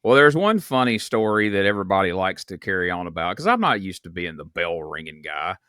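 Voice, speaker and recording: Man, low voice, animated, bright, dry studio sound, storytelling. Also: brisk, smooth, no room sound. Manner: storytelling, laughs, swears casually. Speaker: podcast host. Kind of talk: casual chat.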